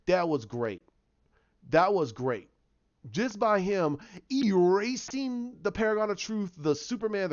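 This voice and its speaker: A man reviewing a TV episode in a casual vlog, excitable and ranting, repeating himself as he makes his points. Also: high voice. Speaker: TV show reviewer. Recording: dull lo-fi sound.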